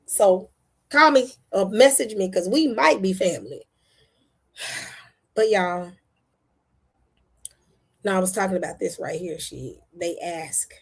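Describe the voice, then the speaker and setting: Woman host, husky, fired-up and blunt, repeats herself for emphasis. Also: medium pitch. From United States. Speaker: online show host. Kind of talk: casual commentary to viewers.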